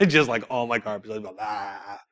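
With a medium-pitched voice and a quick pace, this preacher animates his church sermon through personal anecdotes. He throws out rhetorical questions and laughs between his points.

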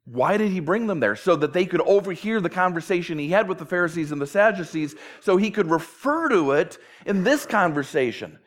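A man's voice: high voice, expressive, brisk, hardly any pauses. A man preaching a sermon in a conversational way, acting out dialogue with self-deprecating humor. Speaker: pastor.

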